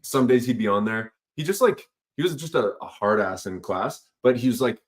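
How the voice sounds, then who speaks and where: A young man in his twenties with a deep voice, talking easily in a casual chat with lots of "um" and "like". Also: animated, normal speed. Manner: easygoing, hesitant, many fillers and laughs. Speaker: podcast guest.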